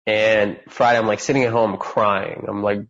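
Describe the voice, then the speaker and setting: A man's voice: fairly low pitch, moderate pace, dull audio. A man in his thirties from California, a podcast guest telling his story with lots of energy and acting out the voices of the people in it. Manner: animated storyteller who acts out quoted voices.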